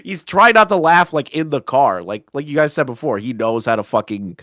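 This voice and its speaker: A man's voice: medium pitch, lively intonation, a little fast, a bit bright, no echo, studio quality. A man co-hosting a podcast, telling rambling stories and swearing often in casual chat. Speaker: podcast co-host.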